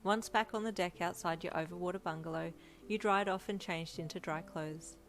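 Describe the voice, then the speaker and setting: A woman reads a fan fiction story aloud in an even storytelling manner. Her voice is on the low side for a woman. Faint instrumental music plays under her narration. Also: moderate pace.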